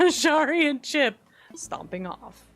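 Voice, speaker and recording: Young woman streamer, giggly, higher voice, slow easygoing pace, soft music behind. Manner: giggly, bursts into squealing excitement. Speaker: game streamer. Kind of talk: casual live-stream chat over gameplay.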